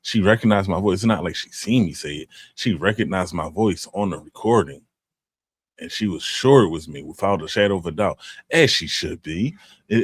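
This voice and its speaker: A man's voice: deep voice, no room sound, studio quality. A middle-aged man co-hosting a podcast, talking in a laid-back, rambling way with lots of restarts. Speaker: podcast co-host. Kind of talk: casual chat.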